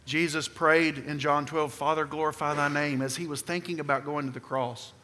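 A man preaching a sermon with emphasis, putting questions to the congregation and swinging between loud and soft passages. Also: a little high, steady tone, moderate pace, slight background noise. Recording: long hall reverb.

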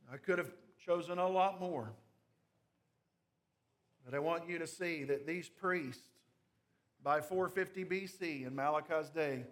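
A man with a notably high-pitched voice preaches an expository sermon. He leans hard on key phrases and drops dry asides to the congregation. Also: a bit bright. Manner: emphatic, builds intensity on key phrases, wry asides. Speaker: pastor.

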